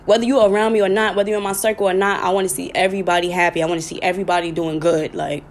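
A woman's voice: lowish voice, level tone, rapid-fire, slight background noise. A woman hosting her own podcast, talking casually and bluntly to her listeners, with plenty of swearing. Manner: blunt, profane, chatty, with sudden laughing outbursts. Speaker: podcast host. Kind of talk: casual live talk to listeners.

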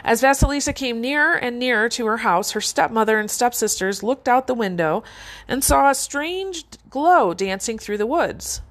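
Woman telling a fairy tale, higher voice. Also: expressive, normal speed. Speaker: storyteller.

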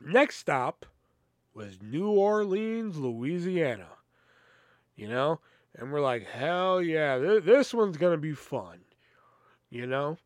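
A man's voice: a little high, big pitch swings, slow, pauses often, dry recording, clean studio sound. A young man hosting a podcast, telling rambling personal stories in a casual, exasperated way with plenty of swearing. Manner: rambling, profane, exasperated storytelling. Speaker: podcast host. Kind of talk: casual storytelling.

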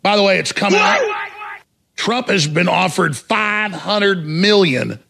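A man hosting a talk show, ranting in a combative, mocking way and shouting for emphasis, with a raspy, gravelly voice. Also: high voice, lively intonation, slow, slight background noise. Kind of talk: heated talk radio rant.

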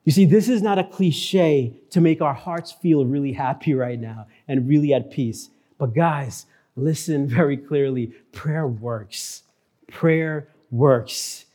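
A male pastor preaching a sermon in church, earnest, repeating key phrases and slowing down for emphasis. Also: on the high side, mellow.

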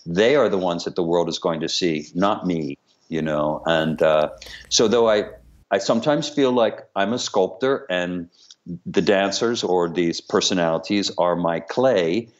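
Low-voiced man on a lo-fi call. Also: a little slow. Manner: candid, humorous, reflective. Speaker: director and choreographer guest. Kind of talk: remote interview, candid storytelling. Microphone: video call. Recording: dull lo-fi call audio.

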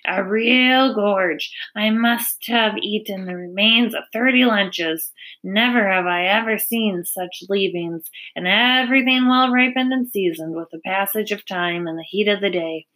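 Woman playing husky snide male rat, slow drawl, storybook villain type. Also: medium pitch, a bit bright, close to an everyday voice, rough recording. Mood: gloating.

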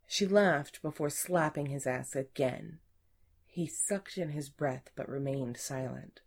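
A woman narrating an erotic audiobook in a slow, breathy, intimate way that often falls to a whisper. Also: low voice.

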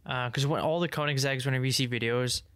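A young man co-hosting a casual podcast, rambling with lots of "like" and restarts while explaining things he's excited about. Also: medium pitch, quick pace, smooth, dry recording, studio quality. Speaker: podcast co-host. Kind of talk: casual chat.

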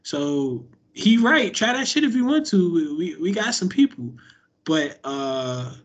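Podcast co-host, male, higher register, breathy rasp; loose, animated, swears freely. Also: unhurried, muffled recording. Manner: animated, profane, hedging with restarts. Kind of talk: casual chat.

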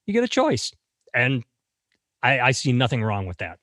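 A man's voice: wildly swooping pitch, normal speed, fairly bright tone, no echo, studio quality. A man co-hosting a casual comedic news podcast, sarcastic and crude, his voice jumping up when he mocks. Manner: sarcastic, swings high when mocking. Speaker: podcast co-host.

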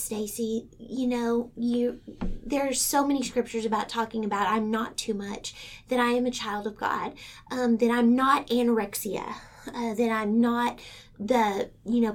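A woman guest speaking earnestly and from the heart about her faith, sometimes dropping to a hushed tone. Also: fairly high pitch. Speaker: guest author. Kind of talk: candid faith testimony.

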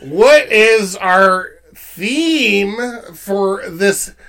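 A man's voice: high voice, lively intonation, very slow, creaky, a bit bright. A man co-hosting a podcast, joking crudely and talking over the others while a bit tipsy from drinking. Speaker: podcast co-host. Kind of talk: casual chat.

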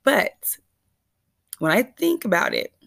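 A woman's voice: mid-range voice, wildly swooping pitch, slow, gravelly, fairly bright tone, no echo, studio quality. A woman vlogger telling a rambling, anxious, self-questioning story straight to her viewers. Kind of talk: casual confessional storytelling.

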